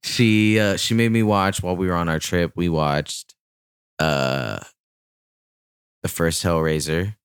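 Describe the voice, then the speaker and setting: Man, very deep voice, smooth and resonant, easygoing, dry close mic. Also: steady tone, takes it slowly, pauses often, dry recording. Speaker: podcast co-host. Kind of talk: casual chat.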